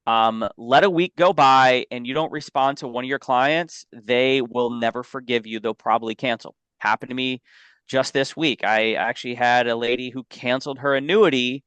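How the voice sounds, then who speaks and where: A man's voice: medium pitch, moderate pace, a bit bright, clean tone, no echo, dull audio. A man who sells life insurance, co-hosting a casual business talk and telling stories in an emphatic, conversational way. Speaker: life insurance agent and co-host.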